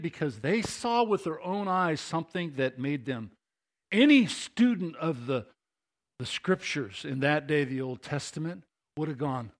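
A man preaching a sermon as pastor, talking conversationally and building to impassioned emphasis. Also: a little high.

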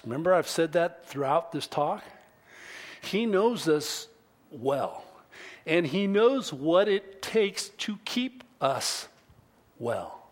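Middle-aged male pastor, high voice, slow sermon delivery, swings from hushed to emphatic. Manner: slow, deliberate preaching that swings from quiet to emphatic.

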